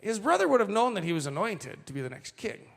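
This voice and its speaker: A man preaching a sermon, reading scripture and adding animated asides to the congregation. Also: high-pitched, vocal fry, in a large hall. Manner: animated, slows for quoted lines, asides to the congregation. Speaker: pastor.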